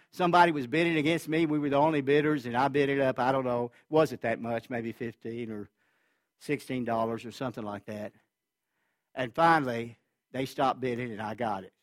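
A man preaching a sermon as a pastor, telling a personal story earnestly and with feeling, his voice swinging between loud and hushed. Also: mid-range voice, dry recording, studio quality.

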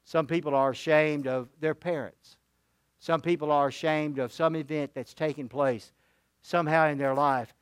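An older man preaching a sermon as a pastor, telling a story earnestly, rising to emphatic points and dropping to a hushed voice. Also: on the high side, steady tone, normal speed, clean tone, no room sound, studio quality.

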